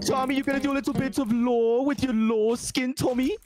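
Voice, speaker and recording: A man teasing and joking with friends over gaming voice chat, playful and quick to laugh. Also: extremely high pitch, steady tone. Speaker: fellow player on voice chat. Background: loud background music.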